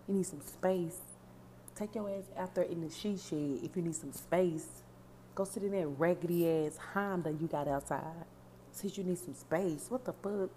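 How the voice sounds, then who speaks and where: A woman's voice: fairly low pitch, normal speed, warm tone, a little hiss or hum. Sassy, profane woman podcaster. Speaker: podcast host. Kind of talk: casual commentary on song lyrics.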